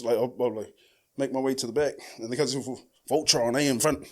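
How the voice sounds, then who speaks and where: A man's voice: medium pitch, a little fast. Slangy, swearing New Zealand man. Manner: slangy and animated, swears freely, acts out quotes loudly. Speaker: podcast host. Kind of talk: casual storytelling monologue.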